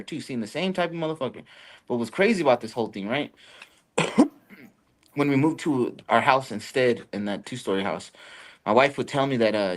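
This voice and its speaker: A young man hosting a podcast, telling a story in casual, profane chat and jumping into high voices to quote people. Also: a bit bright. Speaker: podcast host.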